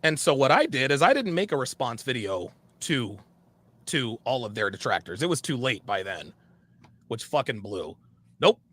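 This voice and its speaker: A man's voice: mid-range voice, sing-song, moderate pace, fairly bright tone. A man telling a personal story in a dramatic, confessional way. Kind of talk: storytelling monologue.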